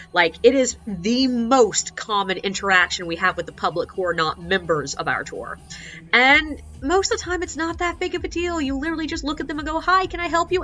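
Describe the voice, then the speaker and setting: A woman working as a ghost tour guide, telling stories in a casual, sarcastic, animated way and acting out the quotes. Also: medium pitch. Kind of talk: casual storytelling vlog.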